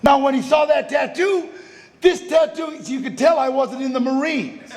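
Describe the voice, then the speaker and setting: A man telling his recovery story to a live audience, loud and animated, laughing as he acts out the people in his tale. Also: very high voice, moderate pace. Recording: reverberant hall with noticeable background noise.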